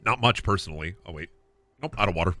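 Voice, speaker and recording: A man streaming a video game and riffing in a mock stand-up style, swinging from muttered asides to shouted rants. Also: low voice, animated, fast, slight background noise. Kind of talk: comedic gaming stream banter.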